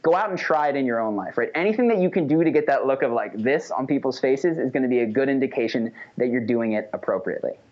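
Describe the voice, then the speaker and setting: Man instructor, chatty and animated, mid pitch, dull lo-fi recording. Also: fast, hardly any pauses. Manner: animated, conversational, often says "right?". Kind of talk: casual recorded lesson.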